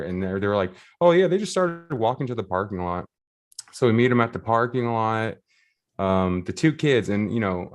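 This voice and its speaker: A man with a very low, deep voice tells a loose, rambling story. He laughs through it and leans on plenty of fillers. He sounds like a volunteer recapping a race day. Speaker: race volunteer and shuttle driver.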